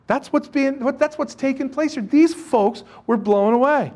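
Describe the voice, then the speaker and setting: A man preaching a sermon to his congregation, animated and joking, with many rhetorical questions. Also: very high voice, moderate pace. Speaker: pastor.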